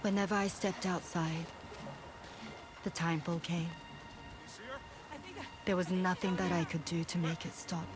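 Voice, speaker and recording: A woman plays a young game character cast out as a witch who brings the rain. She speaks in a soft, even, melancholy way, a little low for a woman. Game music plays clearly behind her. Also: unhurried, pauses often, natural voice. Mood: somber.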